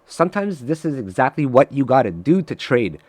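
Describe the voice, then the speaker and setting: A man giving live trading commentary to his viewers, excitable and profane, swinging from loud frustrated outbursts to low muttering. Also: a little fast, no room sound. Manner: talks straight to viewers, calling them guys. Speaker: day trader streaming live trades.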